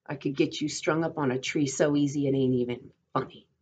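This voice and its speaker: A woman's voice: low-pitched, fairly even intonation, brisk, darkish tone, slightly rough. A woman doing a scornful young ranch wife. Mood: menacing.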